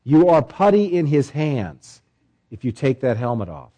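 A male pastor delivering a sermon, emphatic, with swelling pitch and repeated phrases. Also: big pitch swings, unhurried, mellow, rough recording.

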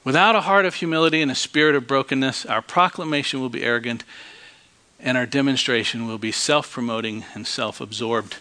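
A man preaching a sermon, telling a story and swinging from hushed tones to loud outbursts. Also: medium pitch, normal speed.

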